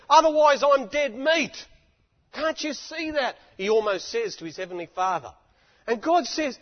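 Through a stage microphone, a preacher with an extremely high-pitched, expressive voice gives a fervent sermon at a moderate pace, repeatedly making rhetorical appeals to the crowd. The audio is dull and lo-fi, with a long reverb from the hall.

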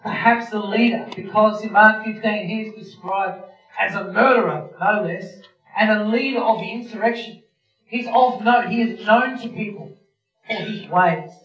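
A man's voice: high-pitched, normal speed, fairly bright tone. A man preaching a sermon, retelling a scene vividly and speaking straight to his listeners. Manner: vivid storytelling, addresses listeners directly. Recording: roomy, distant, dull sound with faint music.

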